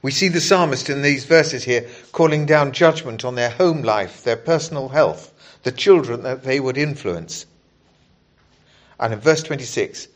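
A man preaching a sermon, explaining scripture in a measured, earnest way and reading passages aloud to the congregation. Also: medium pitch.

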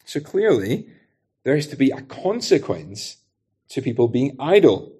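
A man's voice: medium pitch, big pitch swings, measured pace, mellow, husky. A man preaching an expository sermon in a conversational way, often adding rhetorical tag questions.

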